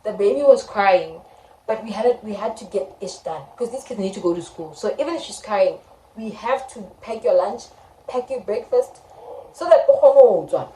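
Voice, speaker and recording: Brief: South African woman, 20s, animated storytime vlogger, roomy echo, light noise. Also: mid-range voice, moderate pace, far from the mic. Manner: animated, dramatic retelling with quoted voices. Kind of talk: casual storytime. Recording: echoey room, faint background noise.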